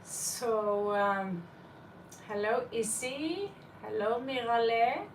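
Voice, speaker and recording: A woman's voice: on the high side, very slow, far from the mic, a little hiss or hum. Giggly woman tarot reader, echoey room. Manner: giggly, laughs often. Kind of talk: live-stream chat.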